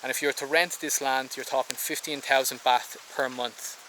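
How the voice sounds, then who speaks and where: Irish man, casual house-tour vlogger, rambling with ums, flat pitch, faint insect noise behind. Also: normal speed, rough recording. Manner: relaxed, rambling, frequent ums and restarts. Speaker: vlogger giving a property tour. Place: in and around a house on a tropical island.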